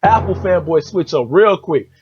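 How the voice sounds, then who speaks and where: A fired-up man with a high voice, hosting a solo podcast and ranting hard with constant cursing and repeated phrases. The audio is dull and lo-fi. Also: expressive, moderate pace, a little mellow, soft background music. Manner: profane, heated, repetitive ranting. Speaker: podcast host.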